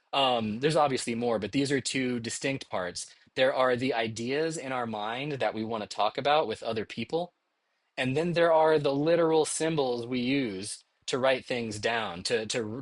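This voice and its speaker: A man's voice: mid-range voice, a bit bright, dry recording. A middle-aged man teaching a math course in a conversational, encouraging way, often checking in with "okay?". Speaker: math instructor. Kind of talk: recorded lecture narration over slides.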